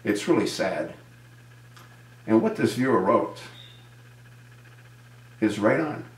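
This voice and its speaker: Indignant low-voiced man, echoey room. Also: very animated, takes it slowly. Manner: indignant, rhetorical questions. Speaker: video commentator. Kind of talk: political commentary monologue.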